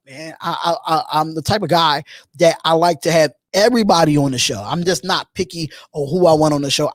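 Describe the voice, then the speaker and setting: Fairly high-pitched and recorded without room sound, a Philadelphia host runs a live call-in sports stream, chatting animatedly and loosely. He repeats himself as he reads viewer comments and responds to them.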